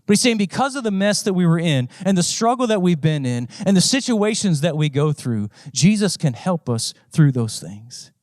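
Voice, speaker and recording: A man with a high voice preaches in a conversational, storytelling way, circling back to repeat his phrases. The sound is dry and close, with no room echo. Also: a little mellow. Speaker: pastor. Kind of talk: sermon.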